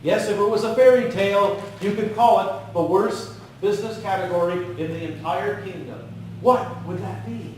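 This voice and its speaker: A man giving a live motivational business talk in a large room, animated and coaxing the audience to call out answers. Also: high-pitched, moderate pace, a little hiss or hum. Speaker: keynote speaker. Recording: very echoey hall, far from the mic.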